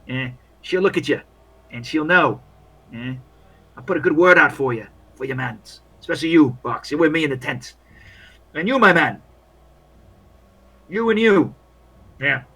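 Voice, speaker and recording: A man's voice: fairly high pitch, animated, normal speed, long pauses, pushed and bright, husky, full character voice. Man doing an overly cheery blinded soldier. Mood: chummy. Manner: chummy, reassuring, jovial.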